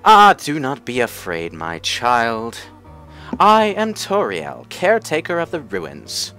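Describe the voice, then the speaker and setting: A man voicing a gentle, motherly goat woman caretaker in a soft, formal manner while playing a game. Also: mid-range voice, huge pitch swings, slow, faint music behind, full character voice.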